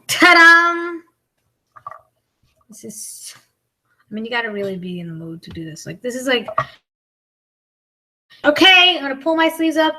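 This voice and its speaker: A woman's voice: a little high, fairly bright tone, poor audio. A woman in her forties, a comedian chatting casually and mocking herself as she eats on a live video. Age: 40s. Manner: chatty, self-mocking, complaining. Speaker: comedian and mukbang vlogger. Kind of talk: casual chat while eating.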